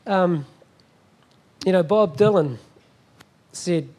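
A man's voice: sits high, expressive, unhurried, darkish tone. A middle-aged man preaching a sermon as a guest pastor, emphatic and often asking the congregation "Amen?".

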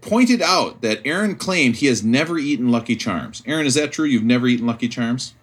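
A man's voice: medium pitch, animated, fairly quick, a bit bright, breathy edge. A man hosting a podcast in casual chat, joking and laughing often. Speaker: podcast host.

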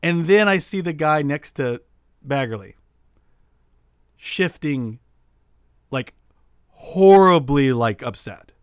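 Animated man telling a story on a podcast. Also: a little high, slow, long pauses, clean tone, dry recording, studio quality. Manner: animated storyteller, many restarts, gets loud retelling the joke. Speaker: podcast co-host. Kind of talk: casual storytelling chat.

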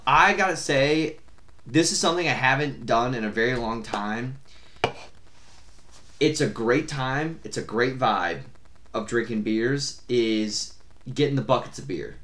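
A man's voice: medium pitch, measured pace, a bit bright, roomy sound. A young man co-hosting a podcast, telling a long story in casual chat, rambling with fillers and the odd curse. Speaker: podcast co-host.

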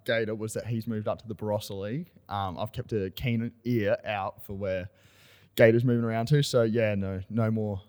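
A man's voice: fairly low pitch, moderate pace, big-room sound. Australian man telling a club story. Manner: storytelling, animated banter. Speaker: podcast co-host. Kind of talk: casual chat.

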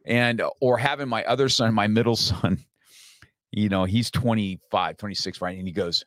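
A middle-aged man talks with a low, forthright voice, animated and blunt, the way he calls himself in-your-face. The sound is dry and close, with no room around it. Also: moderate pace, no echo. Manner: brash, animated, direct. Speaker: podcast host. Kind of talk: conversational interview.

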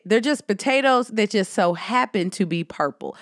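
A woman in her thirties co-hosting a casual podcast, telling animated stories and talking straight to her listeners. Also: on the high side, normal speed, no echo, clean studio sound. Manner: animated storyteller, addresses listeners as y'all. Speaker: podcast co-host. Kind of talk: casual chat.

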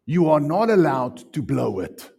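A man preaching a sermon as pastor, animated and acting out little voices as he teaches. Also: fairly high pitch, a little slow, creaky, slightly rough. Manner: animated, acts out voices, laughs often.

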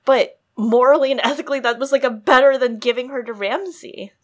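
A woman's voice: sits high, steady tone, fairly quick. A woman co-hosting a casual book discussion, earnest and reflective, with many fillers. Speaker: podcast co-host.

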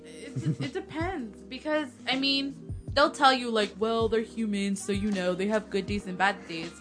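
A young woman who works as a nursing assistant chats casually on a podcast, telling lively stories from work, acting out the voices she quotes and swearing freely. Her voice is on the high side at a normal speed, with faint music behind her.

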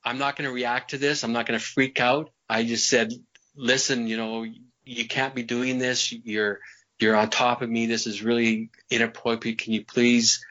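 A man with a bright, forceful voice tells a personal story as an interview guest. He rambles, repeats himself and breaks into laughs along the way. The sound is slightly muffled and lo-fi. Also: medium pitch, little pitch movement, moderate pace. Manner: rambling, repeats words, laughs between sentences. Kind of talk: casual storytelling.

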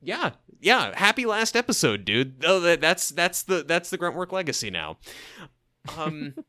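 A man's voice: a little high, big pitch swings, measured pace, pushed and bright. A man co-hosting a podcast, riffing animatedly and swearing casually in loose conversation. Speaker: podcast co-host. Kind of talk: casual chat.

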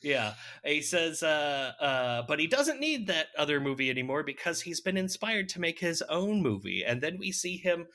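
A man recaps a film in loose podcast chat. His voice is bright and forward. He laughs often and keeps dropping dry jokes. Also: fairly high pitch, very animated, normal speed, hardly any pauses. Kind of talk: casual chat.

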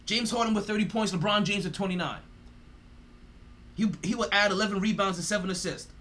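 A man's voice: sits high, fairly quick, sharp tone. A man hosting a sports podcast, ranting in a profane, mocking way and laughing often. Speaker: podcast host.

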